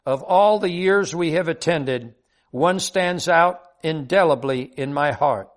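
A man's voice: a little high, measured pace. An older man, earnest and heartfelt, reading a devotional story from his own life.

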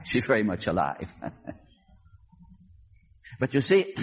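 Animated storytelling pastor, husky lo-fi. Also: male voice, takes it slowly. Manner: dramatic, acts out quoted voices with big pitch swings. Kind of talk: sermon storytelling.

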